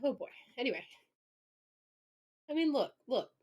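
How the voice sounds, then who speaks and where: A woman with a high voice reads an academic article aloud on her stream, stopping to riff on it. She talks casually, piling up "like" and "you know". She swings between gleeful laughter and mock outrage. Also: sing-song, measured pace, a little mellow, breathy edge, lo-fi sound. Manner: casual, full of likes and you-knows. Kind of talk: reading an academic article aloud with live commentary.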